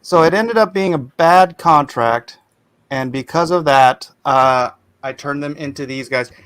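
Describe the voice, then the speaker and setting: A man hosting a casual livestream, chatting and reading viewer comments aloud in animated bursts. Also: a little high, a little slow, clean tone, no echo. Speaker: livestream host.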